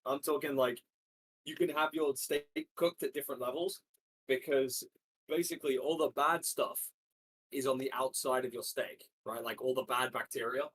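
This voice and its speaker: A man's voice: mid-range voice, fairly even intonation, normal speed, a bit bright, husky. A young man chatting casually to a live stream while he cooks, rambling and slangy, swearing and trailing off mid-sentence, sometimes stepping away from the mic. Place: home kitchen.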